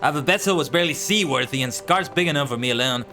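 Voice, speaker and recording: Here is a worn-out old fisherman from a fantasy game, grumbling along in a rough, clipped dialect with dropped grammar, as a man reads the part aloud. The voice sits in a middling pitch, and the talk stays gruff and put-upon throughout. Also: animated, a little fast, over music, close to an everyday voice. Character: weary broken-down old male fisherman. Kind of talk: reading game dialogue aloud in a put-on accent.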